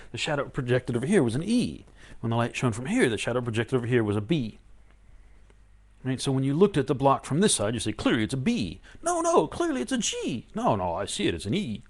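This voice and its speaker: A man giving a live-streamed spiritual talk, acting out inner voices with sudden high yelps between calm stretches of explaining. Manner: shifts between loud outbursts and quiet calm explaining. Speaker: spiritual teacher.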